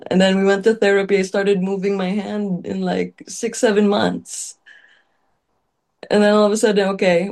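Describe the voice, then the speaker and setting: A woman's voice: mid-range voice, darkish tone. A woman chef telling her story in a chatty, emotional way, full of fillers and little laughs, her voice wavering with tears at times. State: tearful at times. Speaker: chef, interview guest.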